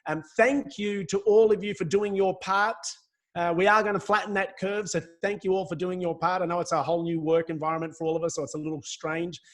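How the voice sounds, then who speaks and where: A man's voice: high voice, flat delivery, fairly quick, fairly bright tone. A middle-aged man with an Australian accent giving a jokey, chatty talk as a guest speaker on a webinar over a computer mic. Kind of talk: webinar presentation.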